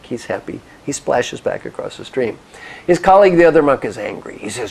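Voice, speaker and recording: Man, motivational speaker, gravelly voice, animated pitch, guided reflection. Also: rough recording. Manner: expressive, directive, with soft pauses. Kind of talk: guided reflection and storytelling talk.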